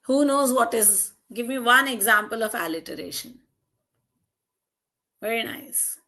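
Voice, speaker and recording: Woman, online teacher: encouraging, slow and deliberate, bright tone. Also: fairly high pitch. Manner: encouraging, praises students by name and asks the class questions; slow and deliberate, draws out key terms and examples. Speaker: English teacher. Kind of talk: online exam-prep lesson.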